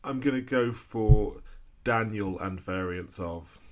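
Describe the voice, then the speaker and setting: A man's voice: lowish voice, slow. A man, a quiz contestant on a video call, chats and jokes and laughs easily. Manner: chatty and joking, laughs easily. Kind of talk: casual chat.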